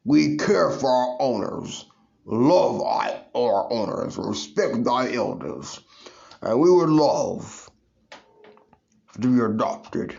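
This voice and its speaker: Brief: man playing a howling werewolf salesman, slow and gravelly, wildly swinging pitch, lo-fi. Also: lively intonation, darkish tone. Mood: salesy. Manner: rambling sales pitch broken by howls. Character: friendly male werewolf salesman who howls. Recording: dull lo-fi recording.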